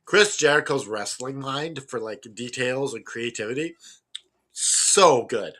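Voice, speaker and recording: A man's voice: medium pitch, unhurried, bright, forceful tone. A man co-hosting a casual podcast chat, enthusiastic and restarting his sentences loosely. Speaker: podcast co-host.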